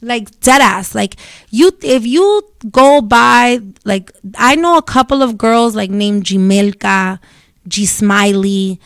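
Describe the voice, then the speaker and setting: A woman's voice: a little high, slow, smooth, no room sound, clean studio sound. A young woman, talking casually and bluntly to her viewers, rambling and swearing freely. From Dominican family in New York. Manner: blunt, profane, rambling storytelling. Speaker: vlogger. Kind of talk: casual monologue to camera.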